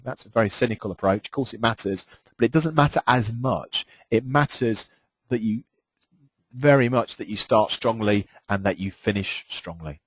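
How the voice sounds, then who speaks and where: A man delivering a training webinar on presenting, emphatic and animated, often repeating words for stress. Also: lowish voice, moderate pace, dry recording, poor audio.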